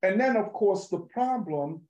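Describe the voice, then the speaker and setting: Emphatic man with a high, roomy voice. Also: a little slow. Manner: animated, emphatic, profane street slang. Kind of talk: political conversation.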